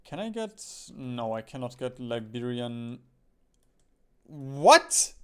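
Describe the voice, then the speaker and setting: A man's voice: mid-range voice, sing-song, unhurried, darkish tone, clear, resonant tone. A young man streaming a strategy game, thinking aloud, musing and chuckling as he plays. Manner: muses aloud, often chuckles. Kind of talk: thinking-aloud gameplay commentary.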